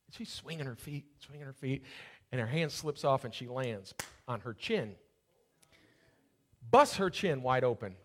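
A man preaching a sermon, telling a personal story and building to fervent preaching. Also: a little high. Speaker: pastor.

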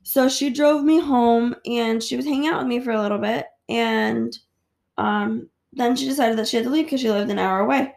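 A woman's voice: on the high side, moderate pace, vocal fry, a little mellow. A woman hosting a podcast who tells a personal story in a candid, rambling, profane way. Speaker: podcast host. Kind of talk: casual storytelling.

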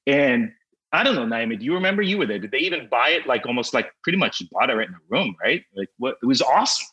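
A man telling the story of pitching his show in a casual interview, rambling with many fillers and restarts. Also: very animated, quick pace, sharp tone, slightly rough, lo-fi sound.

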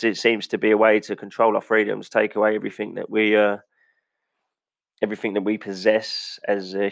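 A gravelly-voiced man talks bluntly and passionately, throwing in the odd swear word. His pitch sits in the middle range, and the recording is close and dry. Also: no room sound. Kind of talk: casual opinion rant.

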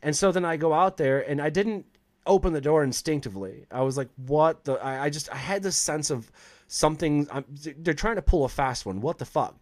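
Man, chef guest on a podcast, spins a profane story with plenty of life, clear dry sound. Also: fairly high pitch, brisk, no echo. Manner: profane, animated storyteller acting out quotes. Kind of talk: casual storytelling in an interview.

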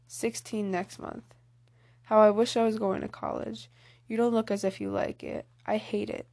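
A woman's voice: mid-range voice, level tone, normal speed, darkish tone, close to an everyday voice. A woman reading aloud as a polite, good-natured teenage boy in a storybook, barely changing her own voice.

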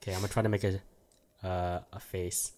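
A man's voice: low voice, little pitch movement, fairly quick, a little mellow, slight background noise. A young man hosting a casual podcast, reading out listener questions and rambling with slang and frequent laughs. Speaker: podcast host.

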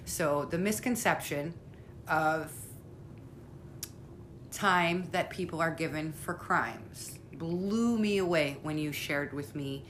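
A woman with a low voice interviews her sister, asking blunt, probing questions in a casual, outspoken way. Her tone is plain and direct. A faint rumble runs under the recording. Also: slow pace, fairly bright tone.

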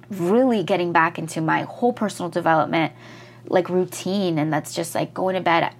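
A young woman hosting her own podcast, talking candidly and rambling with frequent restarts, swearing for emphasis as she gushes about her routine. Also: fairly low pitch. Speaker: podcast host and life coach. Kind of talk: casual solo monologue.

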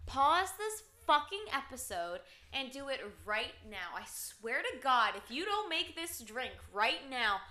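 Woman, podcast co-host, casual chat, emphatic, profane, bright tone, lively pitch. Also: a little slow, hardly any pauses. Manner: emphatic, profane, swings into loud rants.

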